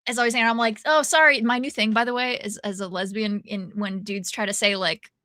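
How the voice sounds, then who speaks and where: Woman, bright forceful voice, slightly high, animated storyteller, casual chat, dry close sound. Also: a little fast, dry recording. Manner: animated storyteller, quotes people in lively bursts. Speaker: podcast co-host.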